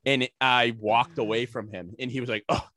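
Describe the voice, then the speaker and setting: A man's voice: medium pitch, steady tone, moderate pace, sharp tone, no room sound. A man on a casual podcast, telling a long rambling story full of fillers, profanity and sarcastic asides.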